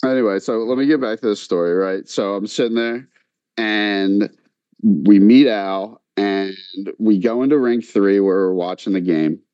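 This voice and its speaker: Animated storytelling man, dark dry voice. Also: on the low side, unhurried, smooth, no echo, highs cut off. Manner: animated, many filler likes, quotes others in voices. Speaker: podcast co-host telling a story. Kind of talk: casual storytelling chat.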